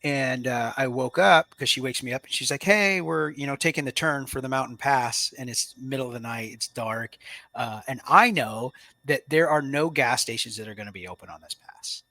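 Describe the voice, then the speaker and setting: A man's voice: mid-range voice, normal speed, bright, forceful tone, no echo. A man in his thirties, a Marine veteran guest, telling his story in a casual interview, earnest and reflective, turning to address listeners directly. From Washington state, US.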